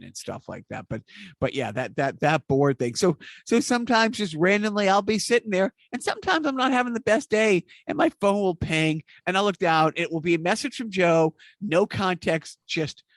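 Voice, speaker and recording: A man's voice: sits high, expressive, moderate pace, no room sound, clean studio sound. A man co-hosting a podcast, chatting in a laid-back way and repeating words as he starts. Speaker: podcast co-host. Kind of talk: casual chat.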